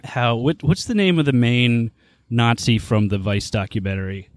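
A man's voice: mid-range voice, expressive, normal speed. A man hosting a casual podcast chat, laid-back and rambling, laughing often as he talks. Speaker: podcast host.

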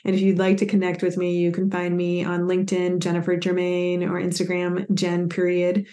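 Low, even-toned woman guest. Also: normal speed. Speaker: guest, executive coach. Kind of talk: casual interview talk.

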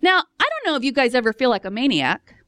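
A woman preaching a casual sermon in a chatty, expressive way, laughing often and acting out voices. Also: sits high, quick pace, no room sound.

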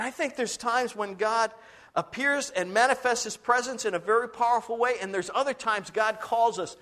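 A man's voice: sits high, lively intonation, normal speed, sharp tone. A male pastor preaching a sermon, telling stories dramatically and acting out the voices, sometimes dropping to a whisper.

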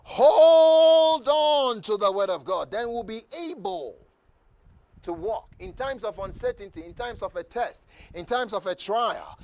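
A male pastor preaching with fervent intensity, his voice strikingly high and gravelly. He swings from low earnest passages to shouted calls for the congregation to echo his words. The sound is dry and close. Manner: fervent preaching, rising to shouts and call-and-response. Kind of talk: sermon.

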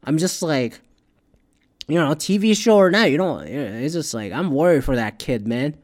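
A man hosting a casual talk show, ranting in a rambling, profane way and growing loud and worked up. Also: fairly high pitch, lively intonation, moderate pace.

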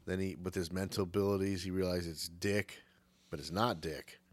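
Low-voiced man recapping a movie, crude and jokey. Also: steady tone, normal speed, no room sound. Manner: profane, jokey, slips into mocking voices. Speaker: podcast co-host. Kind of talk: casual movie recap chat.

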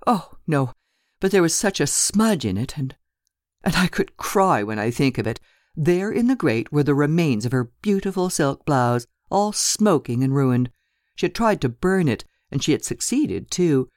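A woman's voice: low-pitched, expressive, moderate pace, darkish tone, dry recording, clean studio sound. A woman narrator voicing a chatty, gossipy middle-aged landlady in an audiobook, rambling and talkative.

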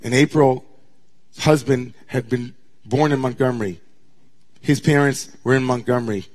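A middle-aged rabbi delivers a sermon in a voice of ordinary pitch for a man. He drops to hushed, breathy near-whispers, then rises into loud, impassioned storytelling. His delivery is slow and deliberate in the quiet passages and hurried in the anecdotes.

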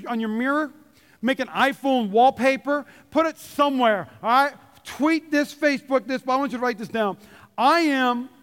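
A man preaching a sermon, animated and joking, calling out to the congregation. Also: very high-pitched. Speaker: pastor. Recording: long hall reverb.

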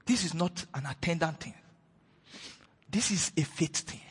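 In an unhurried sermon, a man preaches with a very husky, breathy voice whose pitch swings lively up and down. He alternates between loud declarations and hushed retellings of scripture, and a long church-hall reverb trails his words.

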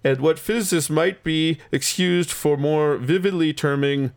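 A pompous old-timey lecturer, as a man puts him on, reading in a raised, drawn-out voice. Every phrase is slow and stately, pitched well above the reader's own talk. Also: clean tone. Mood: grand.

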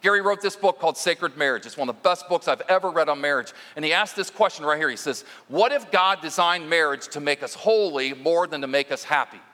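A man's voice: a little high, fairly quick, few pauses, bright, forceful tone, big-room sound. A man preaching as lead minister, mixing stories with direct talk to the congregation in a conversational sermon.

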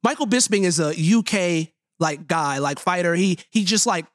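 Casting: man, high voice, quick, slangy storyteller on a podcast, dry close sound. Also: no echo. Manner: animated, slangy storytelling with restarts. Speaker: podcast co-host. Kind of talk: casual chat.

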